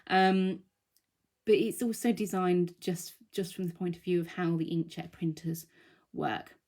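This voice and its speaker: A woman's voice: on the low side, fairly even intonation, unhurried, mellow. A woman, a bit out of breath from being unwell, chatting through a live craft demonstration with a reassuring manner. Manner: chatty, reassuring, thinks aloud with many ums. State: out of breath, recovering from illness.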